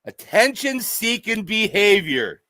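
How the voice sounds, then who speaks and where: A man's voice: high voice, sing-song, slow pace, bright, forceful tone, dry recording, studio quality. A man vlogging a sarcastic, profane monologue, mockingly addressing an unseen "sir" over and over.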